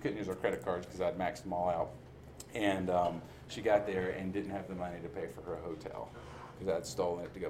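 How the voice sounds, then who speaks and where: A man's voice: deep voice, darkish tone, a little hiss or hum. A man sharing his recovery story in a candid testimony, telling it with self-mocking humor and frequent laughter. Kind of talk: personal testimony talk.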